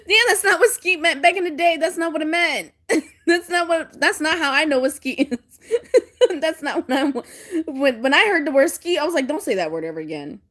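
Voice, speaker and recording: A woman vlogger telling stories in casual chat, animated and often breaking into laughter. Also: sits high, normal speed.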